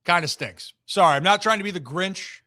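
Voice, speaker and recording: A man's voice: high-pitched, brisk, sharp tone. A young man hosting a sports talk show, ranting animatedly in a casual chat.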